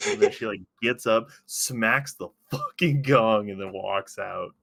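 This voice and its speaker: Bright-voiced man, casual podcast chat. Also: fairly low pitch, a little slow, vocal fry. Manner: laughs often, swears casually. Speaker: podcast co-host.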